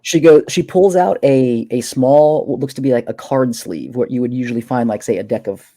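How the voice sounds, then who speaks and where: A man with a mellow, medium-pitched voice narrates a tabletop game as game master, describing scenes with many pauses and fillers.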